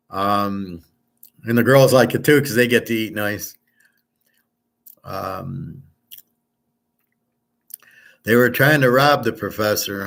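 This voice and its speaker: Blunt, profane middle-aged American man ranting. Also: medium pitch. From United States. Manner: profane, blunt storytelling with heated bursts. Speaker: sports betting show host. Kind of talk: casual ranting monologue.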